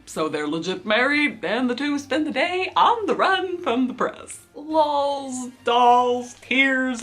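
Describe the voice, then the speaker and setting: A woman's voice: a little high, fairly bright tone. An American woman gushing about a romantic comedy in a slangy, giggly movie review vlog. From United States.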